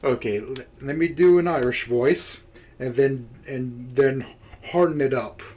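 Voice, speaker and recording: A man's voice: mid-range voice, measured pace, darkish tone. Crude, laughing let's-play reader, man. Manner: crude, self-mocking, laughs often. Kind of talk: reading a visual novel aloud with commentary.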